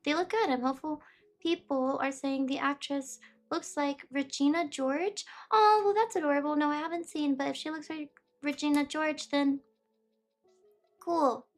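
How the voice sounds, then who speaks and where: A woman's voice: high-pitched, fairly even intonation, a little slow, faint music behind. A woman livestreaming, chatting casually with her viewers, reading chat aloud and drifting off track. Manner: chatty, reads chat aloud, easily distracted. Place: warm room indoors with big windows.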